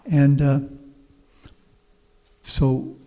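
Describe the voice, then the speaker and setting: A Texan-born man from Houston, a professor invited as guest speaker, gives a public talk followed by Q&A in a folksy, anecdotal, optimistic manner. His medium-pitched, mellow voice stays level and moves very slowly. The hall around him is reverberant, with a long tail.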